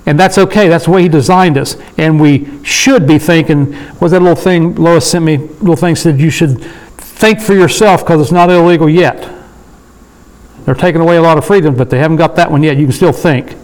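A man with a high voice leads a Bible study sermon in a relaxed, conversational way. He slows down to read scripture aloud and keeps checking in with his listeners. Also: rough recording. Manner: conversational, asks the room for agreement. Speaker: preacher.

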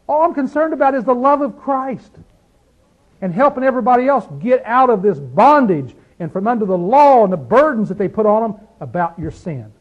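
A man teaching a Bible study like a sermon, fervent, firing rhetorical questions and dropping from loud to hushed. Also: high-pitched, narrow, tinny audio.

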